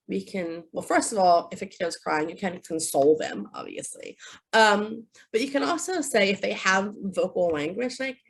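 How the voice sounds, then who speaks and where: Chatty woman with a lively, animated voice. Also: on the low side, normal speed, vocal fry, husky. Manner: chatty, lots of fillers like "um" and "right?"; animated, acting out upbeat phrases for kids. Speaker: behavior analyst presenting a parent workshop. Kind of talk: casual online parent training talk.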